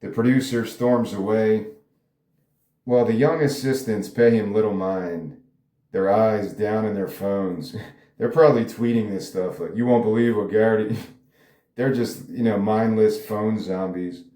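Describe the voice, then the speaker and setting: A man's voice: fairly low pitch, a little slow, mellow. Man rambling through a table read. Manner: rambling, casual, swears. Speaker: writer reading his own script. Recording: roomy echo.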